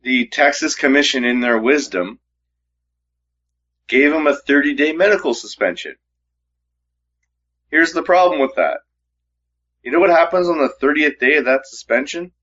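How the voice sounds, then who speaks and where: A man's voice: on the high side, animated, moderate pace, long pauses, a bit bright. A man co-hosting a casual fight-sports podcast, conversational and asking questions. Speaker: podcast co-host. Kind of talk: casual MMA talk. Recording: dull lo-fi mic.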